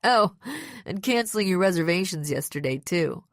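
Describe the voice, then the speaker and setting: A woman's voice: lowish voice, animated, normal speed, no room sound, studio quality. A woman voicing a smug young male villain in an audiobook, speaking sarcastically and mockingly. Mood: sneering. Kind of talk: audiobook character voice.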